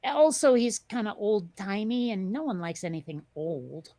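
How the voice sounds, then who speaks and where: A woman's voice: mid-range voice, very animated, moderate pace, warm tone, no echo. A woman hosting a casual chat show, talking in a rambling, chatty way with lots of fillers and restarts. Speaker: podcast host.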